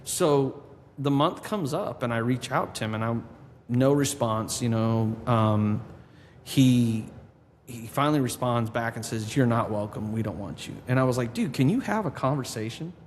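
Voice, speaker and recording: A man's voice: mid-range voice, measured pace. A man, a podcast guest, telling a long story in a casual interview and acting out what others said to him. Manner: animated storyteller, quotes people in his own voice. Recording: long reverb with faint background noise.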